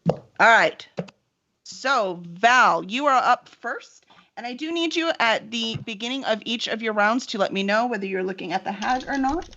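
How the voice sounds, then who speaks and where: A woman running a tabletop game as game master, casual and quick with her asides. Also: on the high side, muffled recording. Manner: lively, laughs often, quick asides.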